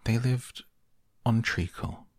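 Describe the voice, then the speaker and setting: A man voicing a sleepy dormouse in a hoarse, feeble murmur, reading a storybook at bedtime. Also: mid-range voice, slow pace, a little mellow, dry recording, voice pushed up. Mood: drowsy. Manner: faint drowsy murmur.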